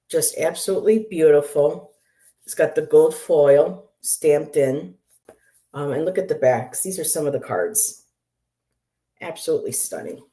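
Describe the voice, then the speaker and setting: A chatty woman with a low voice talks to her livestream viewers as a tarot reader. She speaks slowly and unhurriedly, greeting people by name and laughing easily along the way. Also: mellow. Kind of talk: casual livestream chat.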